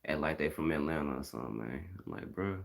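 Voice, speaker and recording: This is a gravelly, extremely low male voice, expressive and quick. The speaker is a middle-aged Southern man from Mississippi on a live stream, casually blunt and repeating himself in slang.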